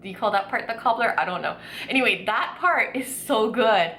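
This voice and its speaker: A woman food vlogger chatting excitedly while tasting desserts, gushing with lots of fillers. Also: a little high, brisk, roomy sound, a little hiss or hum. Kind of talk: casual food tasting vlog.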